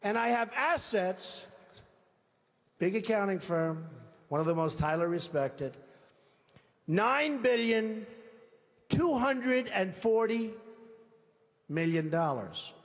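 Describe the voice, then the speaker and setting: A man's voice: high-pitched, lively intonation, slow, pauses often. Boastful older man giving a campaign speech. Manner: boastful, repetitive, acts out imagined phone calls. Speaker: presidential candidate. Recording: long reverb of a large hall.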